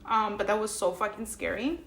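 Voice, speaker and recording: Young woman vlogger, casual storyteller, profane and emotional, mid-pitched, recorded in an echoey room. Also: brisk, a bit bright. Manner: profane, emotional, lots of fillers.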